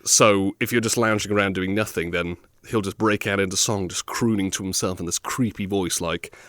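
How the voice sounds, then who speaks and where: A man hosting an interview, asking questions and telling stories with lively, jokey asides. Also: deep voice, normal speed, dry recording, clean studio sound. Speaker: interview host.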